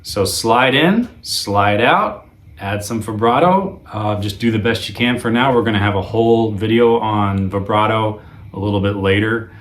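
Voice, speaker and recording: Relaxed low-voiced male guitar teacher. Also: moderate pace. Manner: relaxed, conversational, with frequent ums and uhs. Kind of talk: video lesson.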